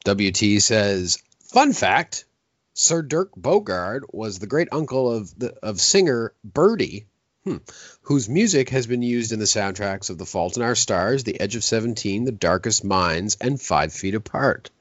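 A man with a fairly low voice co-hosts a relaxed film podcast. He reads listener comments aloud with a dry, joking manner. The sound is close and dry but a little muffled. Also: a little slow, dry recording. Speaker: podcast co-host. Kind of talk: casual film podcast chat.

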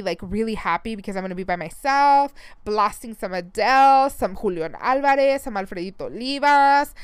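A woman's voice: mid-range voice, clear, resonant tone, no echo. A woman in her thirties hosting a podcast, chatting casually and animatedly and laughing often. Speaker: podcast host. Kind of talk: casual chat.

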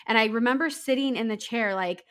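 A woman guest on a podcast telling her own story candidly, in an open, halting way with many fillers and restarts. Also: a little high.

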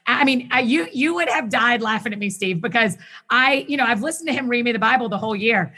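A woman talking as a guest in a casual conversation, enthusiastic and quick in bursts, often restarting her sentences. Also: on the high side, pushed and bright, slightly rough. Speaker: podcast guest who hosts her own show.

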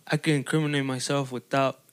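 A man's voice: mid-range voice, level tone, fairly quick, smooth. A Mexican-American man answering in short, slangy remarks mixed with Spanish words. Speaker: guest. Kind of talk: casual chat.

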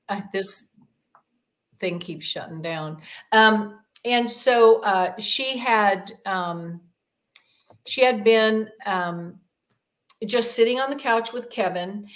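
A woman guest telling a personal story in an interview, rambling with many fillers and acting out the voices she quotes. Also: medium pitch. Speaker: podcast guest, demonologist.

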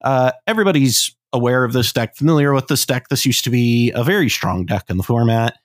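A man's voice: mid-range voice, fairly quick, dry recording, clean studio sound. A man co-hosting a casual podcast, talking thoughtfully with hedges and restarts. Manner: thoughtful, hedging, frequent fillers and restarts. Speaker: podcast co-host.

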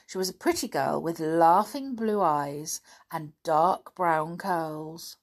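A woman reading a children's story aloud in an expressive, lively storybook manner. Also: low voice, slow pace.

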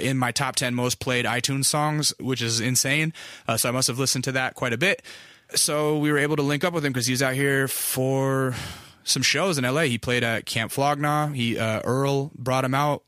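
A young man hosts a podcast and tells a long, loose, profane story that often stops and restarts. His voice is bright and forward, and the close mic gives it a dry sound with no room echo. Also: medium pitch. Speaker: podcast host. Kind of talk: casual storytelling monologue.

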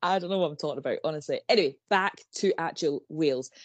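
A woman with a low voice co-hosts a casual true-crime podcast. She talks in a loose, rambling way and laughs often. The sound is dry and close. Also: fast, no room sound. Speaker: podcast co-host.

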